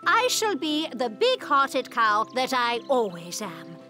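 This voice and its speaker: A woman's voice: on the high side, wildly swooping pitch, slow pace, bright, forceful tone, full character voice. A woman voicing a vain, pompous female cow in a children's cartoon, gushing and theatrical and calling everyone "dear heart". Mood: self-satisfied. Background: music.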